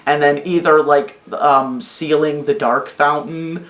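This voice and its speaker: A woman ranting excitedly about her video game theories in a rambling, swearing, casual way. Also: low-pitched, takes it slowly. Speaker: video host. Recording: echoey room.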